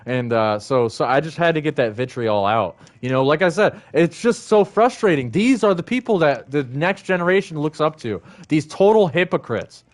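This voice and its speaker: A man rants heatedly into his stream, swearing often and circling back to the same points. His voice sits a little high for a man. He keeps the same worked-up tone throughout. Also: animated, moderate pace, few pauses. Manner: heated, profane, repetitive. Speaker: livestream host. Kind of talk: angry ranting monologue.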